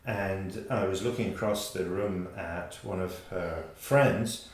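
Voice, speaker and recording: A man's voice: sits low, takes it slowly. A man, co-hosting a casual chat, joking and telling stories. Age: 60s. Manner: jokey, laughs easily, storytelling. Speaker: podcast co-host. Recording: echoey room.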